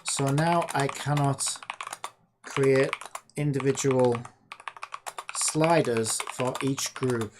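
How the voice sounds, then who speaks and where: A woman's voice: very deep voice, fairly even intonation, takes it slowly, pauses often, noisy background. A woman streaming while she codes a game, chatting casually, exasperated and scolding an AI chatbot with sarcastic swearing. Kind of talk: casual livestream chat while coding.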